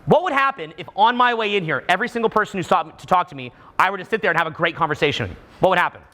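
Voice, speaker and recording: A man's voice: high voice, rapid-fire. A man from Canada giving a live seminar talk to an audience, acting out what people say and often restarting his sentences. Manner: animated, acts out what people say, frequent restarts. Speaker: seminar speaker.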